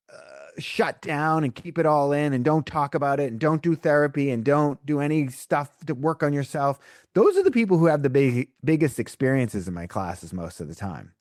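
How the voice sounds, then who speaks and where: A man's voice: fairly high pitch, no room sound, clean studio sound. A man, a breathwork coach, telling stories in a podcast interview and acting out what people said to him. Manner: animated storyteller acting out quotes. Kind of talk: conversational storytelling interview.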